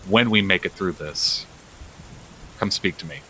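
A man voicing a large pawed male guard commander who speaks calmly and gravely. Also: low voice, unhurried, a little hiss or hum, exaggerated voice, low-quality recording. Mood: solemn.

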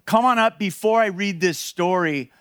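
An earnest male pastor preaches with emphasis, repeating phrases for weight. His voice sits a little high for a man. The sound is dry and close. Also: normal speed, fairly bright tone, clear, resonant tone, no echo. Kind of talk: sermon.

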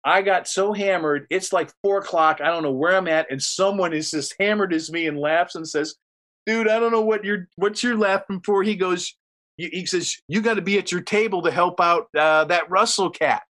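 A man spins a loose, rambling anecdote in casual conversation, voicing each person in the story as he goes. His voice is bright and ringing and sits a little high. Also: normal speed. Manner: rambling, animated, acts out quotes. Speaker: storyteller guest.

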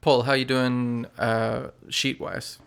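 A man narrating as game master in a relaxed way, laughing often between lines. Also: mid-range voice, slow, vocal fry, clear, resonant tone. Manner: relaxed, chuckling narration with fillers.

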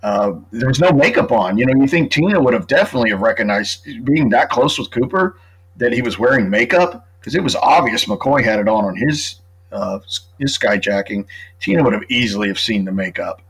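Brisk and lively in intonation, this middle-aged author speaks as a true crime guest in a casual podcast conversation. His mid-range voice is a bit bright with a breathy edge, and he's chatty, making his argument point by point. The recording is rough.

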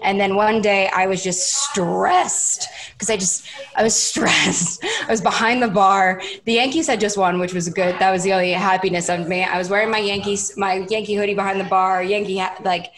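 A woman's voice: medium pitch, moderate pace. A young woman, a podcast guest, telling a long casual story and acting out what people said. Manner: animated, voices herself and others in quotes, lots of "like".

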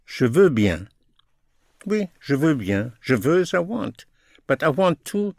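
Guy teaching a lesson, slow and careful, says every phrase twice, dry close recording. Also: fairly high pitch, very animated, gravelly, darkish tone, no room sound. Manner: slow, repeats each phrase and explains grammar. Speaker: French teacher.

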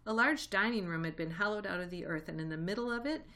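A woman reading a children's storybook aloud, lively and expressive. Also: mid-range voice, quick pace. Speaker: reader. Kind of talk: storybook read-aloud narration.

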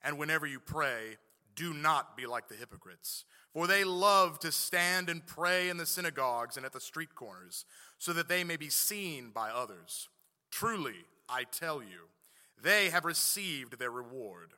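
A man reading scripture aloud in church in a measured, formal liturgical manner. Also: on the high side, animated, bright, forceful tone. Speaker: scripture reader. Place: church sanctuary. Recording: long church hall reverb.

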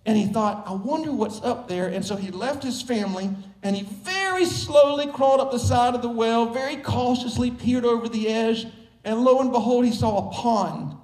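A preaching man with a strikingly high voice, delivering a sermon from the pulpit. He talks emphatically and works up to shouts. The room carries a clear echo. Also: normal speed. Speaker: pastor. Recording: echoey room.

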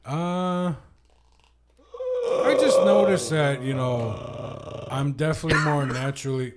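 A man co-hosting a comedy podcast, swearing freely and breaking into loud impressions as he tells stories. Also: a little high, slow pace, over a noisy crowd. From Mohawk Nation. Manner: excitable, profane, shouts impressions mid-story. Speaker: podcast co-host. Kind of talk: crude comedy podcast banter.

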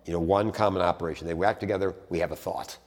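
Guy teaching theology in an echoey hall, kinda low voice, chatty, lots of restarts. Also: fast talker. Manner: conversational, repeats and restarts phrases, animated emphasis. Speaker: theology lecturer. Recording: long hall reverb.

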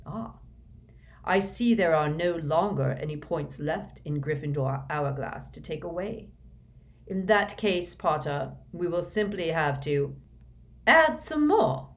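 A woman's voice: medium pitch, lively intonation, unhurried, few pauses, darkish tone, close to an everyday voice. Snape, a woman playing a cold sneering professor.

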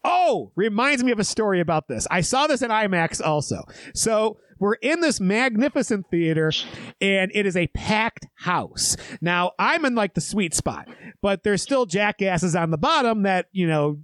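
A man with a high, very lively voice chats casually on a podcast, recapping a film and spinning anecdotes between laughs. His delivery bounces around in pitch as he tells the story. The sound is close and dry, with no room around it. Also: moderate pace, no echo. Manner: animated storyteller, laughs often. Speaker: podcast co-host. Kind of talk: casual movie recap chat.

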